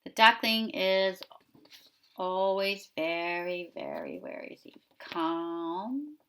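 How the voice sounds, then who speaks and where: A woman preschool teacher discussing a picture book with young children, asking them gentle questions. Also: fairly low pitch, sing-song, slow, gravelly, clean tone.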